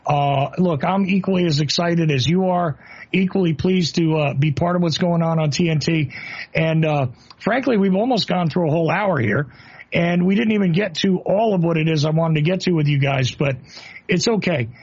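Husky New Jersey man hosting a chat. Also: a little high, normal speed, darkish tone, highs cut off. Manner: rambling, many fillers and restarts. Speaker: host. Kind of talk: casual interview chat.

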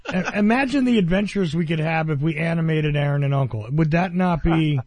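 A man hosting a podcast in casual chat, rambling and joking as he pitches ideas. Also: fairly quick, crowd noise. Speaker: podcast host.

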